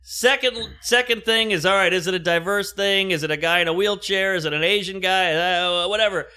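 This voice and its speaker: A man with a high, bright voice riffs quickly through a casual podcast chat. He is a comedian guest, joking as he goes and dropping into brief put-on voices. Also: clear, resonant tone. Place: venue room before a set.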